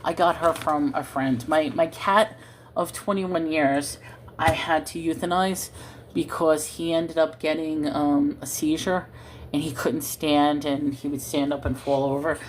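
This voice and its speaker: A woman's voice: low voice, steady tone, measured pace, slight background noise. A woman hosting a casual livestream from home into her phone, rambling to viewers and chatting to her cat. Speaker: livestream host.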